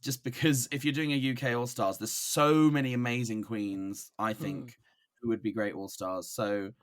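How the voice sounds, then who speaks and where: A man from Brighton with an English accent, a guest on a podcast, chatting casually with hesitant pauses and playful teasing. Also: mid-range voice, steady tone, clear, resonant tone. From Brighton, England. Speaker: guest drag performer.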